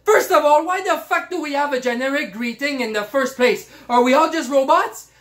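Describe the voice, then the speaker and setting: A man's voice: extremely high pitch, normal speed, fairly bright tone. A man playing a cocky, crude Montreal guy who rants in broken English with a Quebec French accent. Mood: ranting. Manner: profane, blunt, broken English. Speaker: comedy character. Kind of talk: comic rant to camera.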